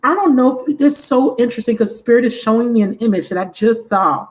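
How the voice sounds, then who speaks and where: A woman's voice: a little high, fairly quick. A woman giving a casual, chatty tarot reading on a livestream, talking frankly and laughing often. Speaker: tarot reader.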